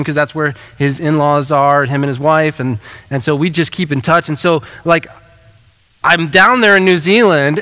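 A man's voice: a little high, bright, forceful tone, smooth, in a large hall. A man preaching a sermon as pastor, in a casual, conversational way with many fillers and restarts. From United States.

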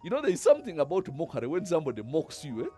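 A man's voice: on the high side, huge pitch swings, rapid-fire, dark tone. A man preaching a conversational sermon, asking the congregation rhetorical questions and laughing between points. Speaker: pastor.

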